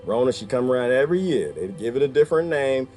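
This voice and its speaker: An American vlogger talks casually to his viewers in a rambling, joking monologue, laughing often, breaking into asides and calling them "people" and "y'all." His medium-pitched voice is expressive and darkish with a quick pace, over soft background music.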